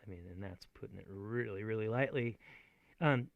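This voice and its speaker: A man teaching in a chatty, animated way, often laughing as he explains. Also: lowish voice, normal speed, vocal fry, dry recording, narrow, tinny audio. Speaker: acting teacher. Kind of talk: video lesson.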